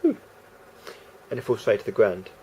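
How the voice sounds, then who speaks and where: A man's voice: fairly low pitch, huge pitch swings, slow, dark tone, slight background noise. A man rambling through a casual vlog monologue, hesitant and full of restarts and fillers. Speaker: vlogger.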